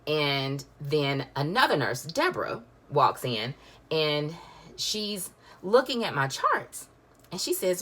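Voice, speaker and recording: A woman's voice: sits low, very animated, slow pace, fairly bright tone. A woman, telling a personal story in a chatty, emotional way full of fillers. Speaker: vlogger.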